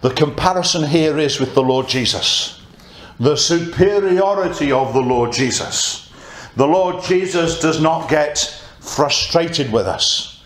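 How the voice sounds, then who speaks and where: Man, sermon, conversational, slightly high pitch, reverberant room. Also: slow. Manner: conversational preaching, reads scripture aloud. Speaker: preacher. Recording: echoey church room.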